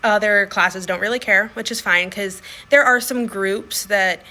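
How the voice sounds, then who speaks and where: A woman's voice: medium pitch, measured pace, pushed and bright, poor audio. A woman talking casually in a video diary, chatty and full of fillers. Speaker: vlogger; school staff.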